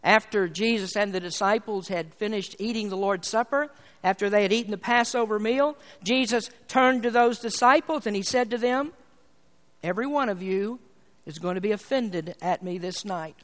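A man with a strikingly high voice delivers a sermon. He drives his points home with emphatic repetition and rising pleas. His voice rings out with a long reverb, as if in a big church hall. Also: a bit bright. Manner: emphatic preaching with rising, repeated phrases. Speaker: pastor.

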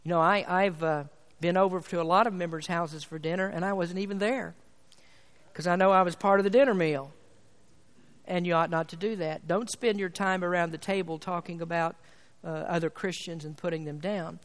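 High-pitched preacher guy, emphatic sermon, big church echo. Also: fairly even intonation, moderate pace. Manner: emphatic, rises and falls in volume. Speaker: pastor. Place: church sanctuary. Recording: long hall reverb.

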